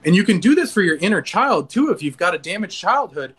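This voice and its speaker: Male interview guest with a high voice, earnest, animated self-talk, frequent restarts. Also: a little fast, slightly rough. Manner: earnest, animated, acts out inner dialogue with many restarts.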